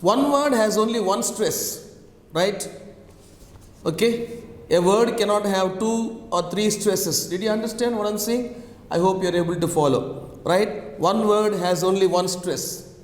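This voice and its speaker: A man's voice: high voice, unhurried. A man teaching a class, repeating key phrases and checking in with "right?" after nearly every point. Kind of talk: classroom lecture. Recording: echoey room with long reverb.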